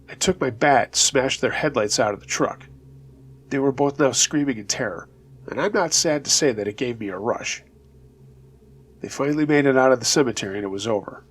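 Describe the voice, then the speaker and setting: A man hosting a storytelling channel, reading true scary stories in a steady, low-key scripted narration. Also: a little fast, slightly rough.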